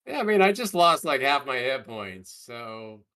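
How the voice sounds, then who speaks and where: A man's voice: medium pitch, very animated, measured pace, bright, forceful tone. Man asking blunt questions as a player. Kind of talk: tabletop game chat.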